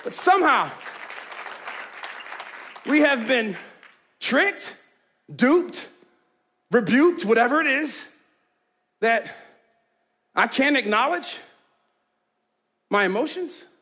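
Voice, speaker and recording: A man's voice: very high voice, animated, slow pace, pauses often, pushed and bright, a faint crowd. A man preaching a sermon as pastor, emphatic and conversational, calling out to the congregation and laughing easily.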